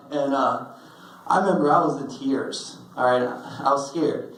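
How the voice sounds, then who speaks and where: A young man giving a personal eulogy, telling stories with halting restarts and fillers, recorded on a phone in a funeral hall. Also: medium pitch, a bit bright. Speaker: eulogy speaker. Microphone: phone recording from the audience.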